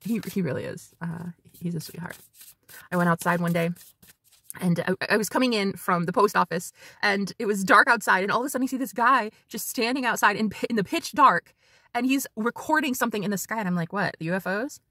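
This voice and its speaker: A woman tarot reader giving a casual spiritual reading, chatty and animated, swearing freely as she talks to her viewers. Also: medium pitch, a little fast, dry recording.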